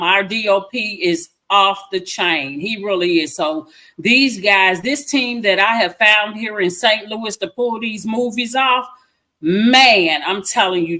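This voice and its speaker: A woman's voice: mid-range voice, sharp tone. A woman, chatting effusively as a filmmaker guest and repeating herself for emphasis. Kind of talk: casual interview chat.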